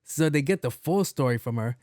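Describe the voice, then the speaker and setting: A man hosting a podcast, telling a story in a casual monologue, animated, slangy and profane. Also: mid-range voice, fairly quick, dry recording, clean studio sound. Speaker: podcast host.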